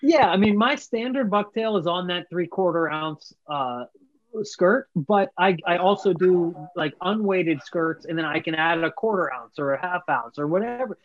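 A man's voice: high voice, animated, normal speed, narrow, tinny audio. A man talking casually as a guest bait maker, rambling with many restarts. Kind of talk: casual podcast chat.

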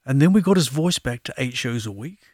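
A man's voice: medium pitch, fairly quick, slightly rough, no room sound, clean studio sound. Chatty male guest telling anecdotes. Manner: relaxed, chatty storyteller. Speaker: osteopath and acupuncturist guest. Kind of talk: conversational anecdotes.

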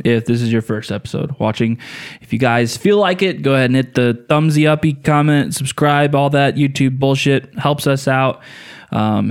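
A man's voice: mid-range voice, gravelly, smooth. Laid-back rambling podcast host man. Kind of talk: casual chat.

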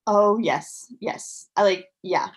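A woman's voice: medium pitch, slow pace. A young woman in her twenties, chatting as a guest in an interview, upbeat with lots of fillers. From United States. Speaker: guest, professional athlete. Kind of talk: casual interview chat.

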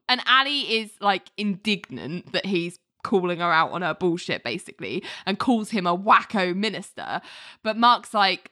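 A woman's voice: on the low side, big pitch swings, normal speed, sharp tone. A woman co-hosting a casual chat, retelling a story and acting out the characters' lines with lots of fillers. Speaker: podcast co-host recapping a TV show.

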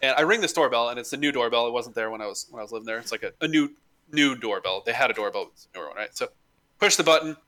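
A man's voice: mid-range voice, racing, bright, forceful tone. A young man in casual chat, animatedly telling a comic story, acting out the quotes and swearing freely.

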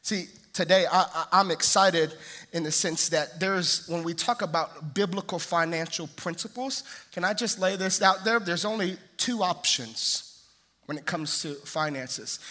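Brief: young male pastor, very high voice, sharp and forceful tone, animated storyteller. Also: a little slow. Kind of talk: sermon with personal stories.

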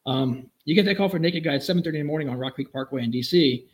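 In conversation, a middle-aged man who used to be a police officer shares vivid, wry stories from the job in a brisk manner. His voice is a little high, and the audio is poor.

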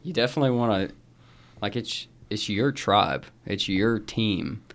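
Slow, gravelly-voiced podcast co-host, a man. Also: on the low side, fairly bright tone. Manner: mostly short agreeing replies. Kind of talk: casual chat.

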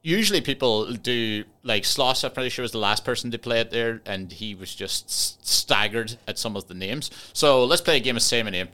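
A man's voice: medium pitch, normal speed, few pauses, sharp tone. A young man with a Donegal Irish accent, half Northern Irish, chatting casually as podcast host, rambling and swearing with frequent laughs. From Ireland, Donegal border area. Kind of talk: casual chat.

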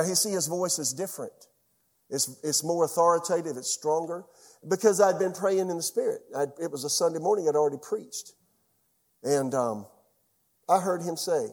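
A man's voice: on the high side, a little mellow, slightly rough. A middle-aged man preaching a sermon as pastor, telling a personal story and putting questions to his congregation.

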